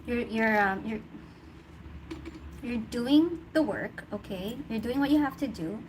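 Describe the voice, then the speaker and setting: Slow-talking woman reading tarot. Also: fairly high pitch, animated, rough recording. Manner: chatty, laughs often, thinks aloud. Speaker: tarot reader. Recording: noticeable background noise.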